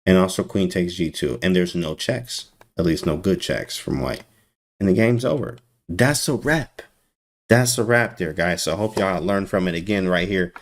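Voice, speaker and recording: Male chess streamer, low-ish, animated and teasing. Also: normal speed. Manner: animated, teasing, talks to chat. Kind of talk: casual live-stream chess commentary.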